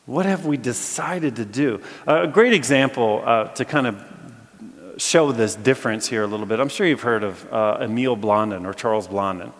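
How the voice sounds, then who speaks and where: A man preaching a storytelling sermon to a live audience, talking in a casual way full of restarts and turning animated when the story gets exciting. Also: medium pitch, moderate pace. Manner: animated, bursts of excitement when telling stories; conversational, with many fillers and restarts. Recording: long reverb from a large hall.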